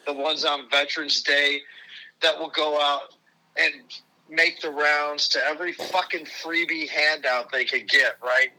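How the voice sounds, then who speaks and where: A man's voice: on the high side, steady tone, measured pace, pushed and bright, rough recording. A middle-aged American man and veteran, ranting angrily with heavy swearing and a repeated "right?" as a podcast guest. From United States. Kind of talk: profane angry rant.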